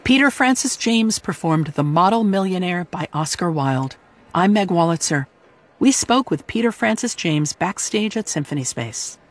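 Calm female radio host. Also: lowish voice, moderate pace. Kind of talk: scripted radio presentation.

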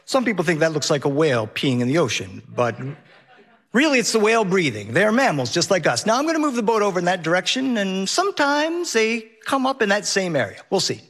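A man's voice: high voice, big pitch swings, fairly quick, fairly bright tone, exaggerated voice. A man voicing a chatty woman boat captain giving tour-guide patter in a stage story.

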